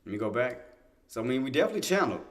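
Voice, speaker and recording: Speaking rapid-fire in a mid-range voice, this man hosts a day-trading livestream and calls the chart in real time. His commentary loops back on itself with repeated phrases and restarted sentences, and he mutters to himself between excited, insistent outbursts.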